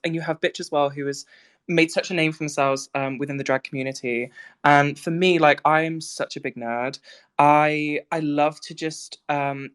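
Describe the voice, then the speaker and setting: Low-voiced British woman, chatty moderator. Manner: chatty, giggly, many fillers. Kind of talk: casual live audio chat. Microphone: remote audio call mic.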